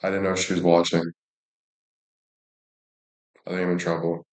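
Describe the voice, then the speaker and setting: A man's voice: low voice, monotone, normal speed, a little mellow. A man streaming live and chatting casually, joking around, cursing freely and thanking viewers by name. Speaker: livestreamer. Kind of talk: casual livestream chat. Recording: echoey room.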